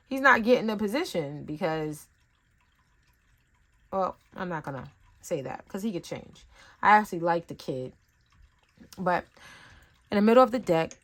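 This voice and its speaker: A woman talking casually as a tarot reader, rambling and conversational with lots of fillers, telling stories in an animated way. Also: on the low side. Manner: animated storytelling with acted-out asides. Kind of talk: casual spiritual reading talk.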